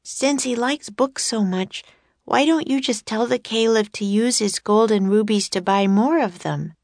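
A woman's voice: a little high, measured pace, darkish tone, dry recording, studio quality, voice pushed up. A woman reading aloud and voicing an eager young girl in a children's adventure story. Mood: earnest. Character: eager, bright young girl, quick to speak.

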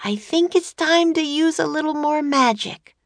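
Storybook girl, young, bold, cheerful, pitched way up, dry close sound. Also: unhurried, dry recording. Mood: eager. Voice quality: high, bright and excited. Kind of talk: audiobook character voice.

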